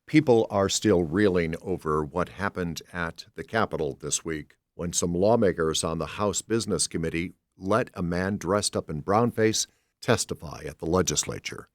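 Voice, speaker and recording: A man hosting a public radio news program, reading the day's stories in a measured, conversational delivery from a studio microphone. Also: low-pitched, no echo. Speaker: news host.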